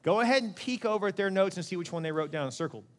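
Middle-aged male pastor, slightly high voice, animated, conversational sermon delivery. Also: rapid-fire, big-room sound.

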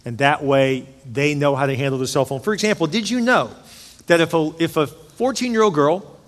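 A middle-aged man preaching a sermon as pastor, emphatic and conversational, with jokes in between. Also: fairly high pitch. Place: church sanctuary. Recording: long church-hall reverb.

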